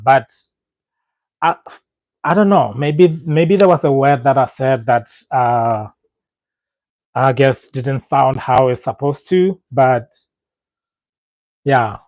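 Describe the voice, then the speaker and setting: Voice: mid-range voice, darkish tone, no room sound, low-quality recording. Chatty Setswana host. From Botswana. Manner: chatty and reassuring, thinks aloud. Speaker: language channel host. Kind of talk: casual livestream chat.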